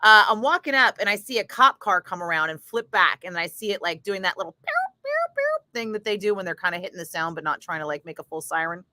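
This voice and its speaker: A woman radio DJ talking in a radio studio between segments, with a bright, crisp voice close to a dry mic. She tells stories in an animated way, laughing often and swearing freely. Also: medium pitch, fast talker, hardly any pauses, dry recording. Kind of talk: casual storytelling chat between on-air segments.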